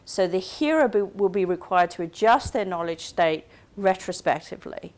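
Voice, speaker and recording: Woman lecturer, lowish voice, careful step-by-step explainer. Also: expressive, normal speed. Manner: explains carefully, checks in with "okay?" and "right?". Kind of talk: recorded university lecture.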